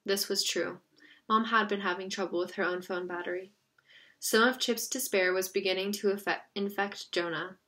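A woman narrating a novel in a steady, even voice. Her pitch sits in the middle range, and she reads at a measured storytelling pace. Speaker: audiobook reader. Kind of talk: reading a novel aloud.

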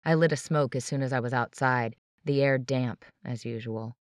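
A woman's voice: a bass voice, moderate pace, no room sound, studio quality. A woman narrating a tense, dramatic first-person audiobook.

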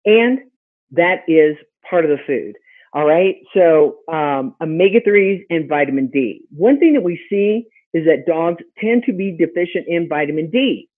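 Husky-voiced woman teaching a chatty webinar. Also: deep voice, unhurried. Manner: lively, chatty, fires rhetorical questions. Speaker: host and pet health consultant. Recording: tinny phone-like audio.

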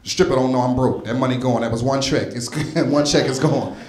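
His mid-range, darkish voice moving a little fast, a North Philadelphia comedian does a live stand-up set on a club stage, talking straight to the audience in a punchy, conversational way. The roomy recording carries crowd laughter and a little hiss or hum.

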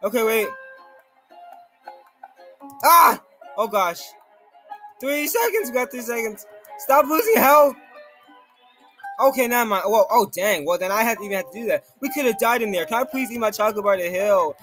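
A man giving jittery, excitable live gameplay commentary, talking to himself and to viewers and exclaiming nervously throughout. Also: sits high, quick pace, soft background music. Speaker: gaming video creator.

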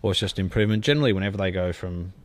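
Aussie car salesman raving about a car, kinda low voice, all gushy. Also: rapid-fire. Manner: enthusiastic, gushing sales talk. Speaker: car dealer.

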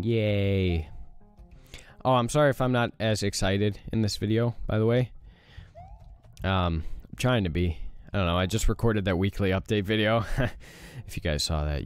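Expressive young man, gaming commentary. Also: sits low. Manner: reactive, exclaims and groans at the game, swears. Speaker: gaming YouTuber. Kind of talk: casual let's play commentary.

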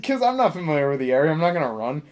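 A young man telling a story casually, rambling with many fillers and deadpan asides. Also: a little high, very fast.

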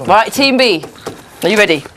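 A woman's voice: mid-range voice, animated, normal speed, fairly bright tone. A woman hosting a quiz show in a playful, teasing way, often laughing. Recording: noisy studio sound.

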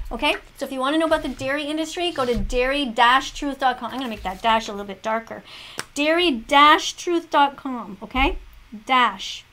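A woman reacts to a video as a lecturing, moralizing teacher, grading the class with check marks in mock-classroom style. Her pitch is fairly high and her tone a bit bright. A little hiss or hum is present.

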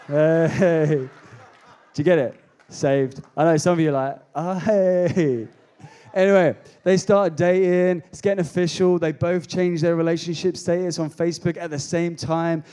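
An energetic pastor jokes his way through a youth sermon, often calling out to the crowd. His voice sits fairly high, with a mellow, warm tone. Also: a little fast, clear, resonant tone. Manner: energetic, jokey, calls out to the crowd.

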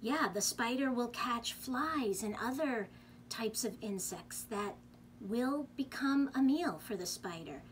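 A woman librarian leading a children's storytime, reading a picture book aloud gently and expressively, then showing a craft. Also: fairly high pitch, expressive, slow, a little hiss or hum. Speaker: youth services librarian.

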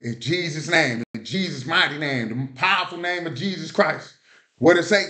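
A man's voice: fairly high pitch, moderate pace, bright, forceful tone. A man preaching a sermon in an informal style, often asking his listeners whether they heard him. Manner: preaches in a vernacular style, repeats "You hear what I said?".

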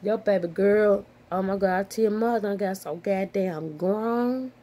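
An older woman who is a grandmother, talking casually to her vlog audience from home at her computer, animated and swearing as she scolds herself with laughs. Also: mid-range voice, slow pace. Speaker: YouTuber. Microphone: phone or computer mic.

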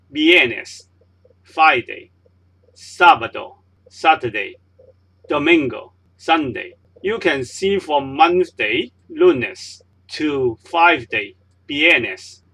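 Man, slow teacher, fairly high voice, repeats words one at a time. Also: fairly bright tone, poor audio. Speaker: language teacher. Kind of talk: slow step-by-step language lesson.

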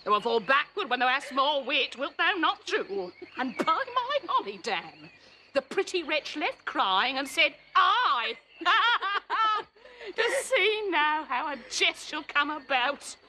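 A woman's voice: high-pitched, sing-song, unhurried, bright, forceful tone, slight background noise, exaggerated voice. An actress playing a garrulous, bawdy older nurse in a classical drama, rambling and laughing at her own stories. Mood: chattering. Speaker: nurse in a period stage drama. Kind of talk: classical verse acting.

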